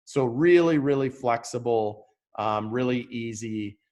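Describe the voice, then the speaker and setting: A man casually walking through software on a screen share, talking loosely with fillers and restarts. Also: mid-range voice, measured pace. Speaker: software tutorial presenter.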